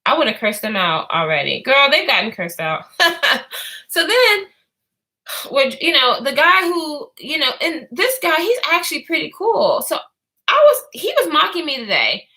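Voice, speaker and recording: A woman's voice: sits high, very animated, normal speed, sharp tone, low-quality recording. A woman vlogger telling a rambling story in casual talk, full of fillers and swearing.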